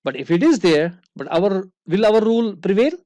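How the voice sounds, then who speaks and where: A woman's voice: mid-range voice, expressive, normal speed, dark tone, no echo. A woman teaching a one-on-one recitation lesson, explaining rules patiently and checking understanding with frequent questions.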